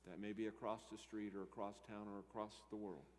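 A man preaching a sermon, moving between loud emphatic lines and quiet asides. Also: lowish voice, level tone, quick pace, a little hiss or hum. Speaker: pastor. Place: church sanctuary. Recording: church hall reverb.

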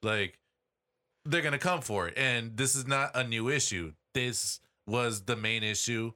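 A man's voice: medium pitch, a little slow, pushed and bright. A man in a casual podcast discussion, talking in loose, rambling runs with restarts and the odd swear. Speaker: podcast co-host or guest.

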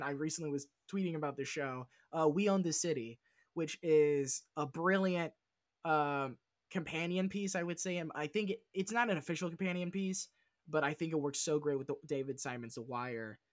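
A man with a somewhat high voice chats as a guest on a film podcast, his sound close and dry with no room around it. He rambles off on tangents, swears freely and gushes with enthusiasm. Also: dry recording. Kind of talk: casual podcast chat about film.

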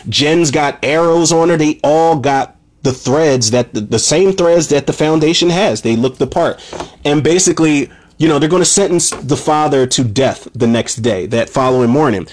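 A man reviewing movies recaps a horror film at a moderate pace, his voice on the high side and a little mellow. He rants with feeling in a casual, profane style, referring to his listeners as "people".

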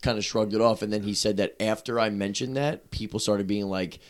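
Guy with a lowish voice, rambling and teasing his buddies on a podcast. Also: fairly even intonation, a little fast. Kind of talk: casual chat.

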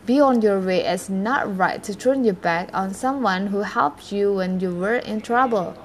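Stern fatherly king for a storybook, firm and unhurried, read by a woman. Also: mid-range voice, a little hiss or hum, close to an everyday voice.

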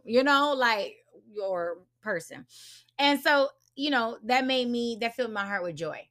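A woman hosting a podcast, telling a story in a blunt, profane and animated casual monologue. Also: fairly high pitch, measured pace. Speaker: podcast host.

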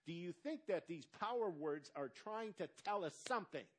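A male pastor preaching a sermon, asking the congregation quick questions and stretching out words for emphasis. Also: high-pitched. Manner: animated preaching with call-and-response questions to the congregation.

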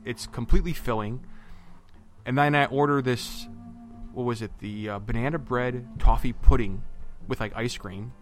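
A man's voice: mid-range voice, fairly bright tone. A man spins a long, casual trip story for his co-host, full of fillers and restarts. He slips into the voices of the people he quotes. Faint music plays underneath. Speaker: podcast co-host.

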